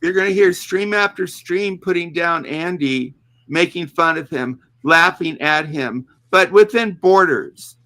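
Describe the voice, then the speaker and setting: High bright-voiced man hosting a stream. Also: a little slow, dry recording. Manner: teasing, provocative. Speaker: stream host. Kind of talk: casual livestream chat.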